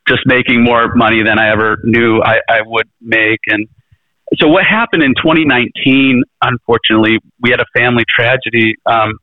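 A man's voice: medium pitch, steady tone, a little fast, dry recording. A middle-aged man, a guest in an interview, telling his story in an earnest, rambling way full of restarts and fillers. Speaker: interview guest, presidential candidate. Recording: tinny phone-like line, dry.

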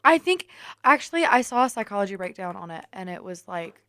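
A young adult woman co-hosting a casual podcast, chatty and excitable, peppering her speech with "like". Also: medium pitch, a little fast, dry recording, clean studio sound. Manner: chatty and excitable, heavy use of "like". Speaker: podcast co-host. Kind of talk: casual chat.

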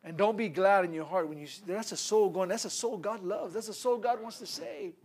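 A man's voice: high-pitched, fairly quick. A man preaching a sermon, retelling a Bible story with laughter, stumbles and repeated words. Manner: animated storytelling with laughs and repetitions.

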